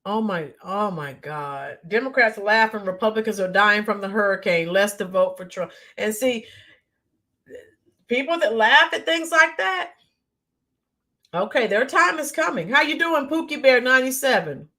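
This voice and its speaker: Woman, livestream host, fairly high voice, halting delivery with many ums, reads chat names aloud. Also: animated, pushed and bright. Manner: talks to viewers by name, halting with many ums. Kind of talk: casual livestream commentary.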